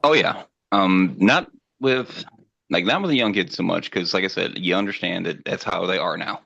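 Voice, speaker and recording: Gravelly low-voiced man ranting. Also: normal speed, fairly bright tone, no echo, dull audio. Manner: profane, ranting, acts out voices in stories. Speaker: podcast co-host. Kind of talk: casual chat.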